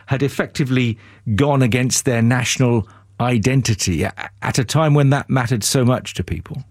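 A man hosting a broadcast interview, introducing the segment and asking questions conversationally, with some halting restarts. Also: medium pitch, no room sound, clean studio sound. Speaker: radio interviewer.

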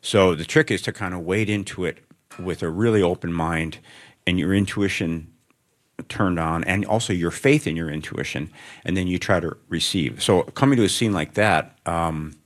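A man's voice: sits low, normal speed. A middle-aged male author talking in a rambling, thoughtful, self-deprecating way during an onstage interview before students. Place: in front of a student audience.

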